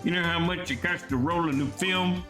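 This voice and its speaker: A Texan man voicing a feisty, suspicious Southern woman photographer with a slow, exaggerated drawl. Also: on the high side, fairly even intonation, sharp tone, faint music behind, pitched above the performer's own voice. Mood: scolding. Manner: brash, scolding, quick to bristle.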